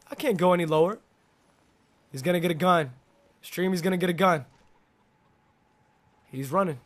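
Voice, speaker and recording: A young man with a high, bright voice streams a game live, reacting loudly and shouting out viewers in the chat. His talk is quick, slangy and excitable, full of "bro" and "for sure.". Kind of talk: live gameplay commentary.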